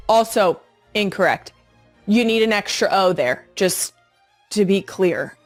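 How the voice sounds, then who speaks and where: A woman's voice: mid-range voice, lively intonation, unhurried, dry recording, soft background music. A woman in her thirties hosting her own podcast, talking casually in a blunt, sassy way and swearing freely. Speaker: podcast host. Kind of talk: casual monologue.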